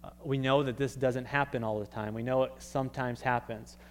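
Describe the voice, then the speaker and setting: A young man preaching a sermon in a relaxed, conversational way, with frequent fillers and restarts. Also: medium pitch, fairly quick. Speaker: pastor. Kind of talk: casual sermon.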